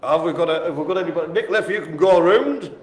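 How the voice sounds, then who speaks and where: A man hosting a live-streamed bingo game, jokey and chatty, calling out names and often addressing the audience as ladies and gentlemen. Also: fairly high pitch, fast talker, slight background noise. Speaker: bingo host. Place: indoor room at a care home. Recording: roomy with faint ambience.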